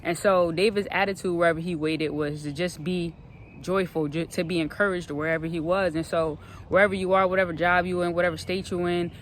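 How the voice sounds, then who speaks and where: A faith vlogger talking earnestly outdoors on a hike, giving a motivational devotional talk and repeating phrases for emphasis. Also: male voice, sits high, fairly even intonation, brisk, a bit bright, slight background noise. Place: outdoors on a hiking trail.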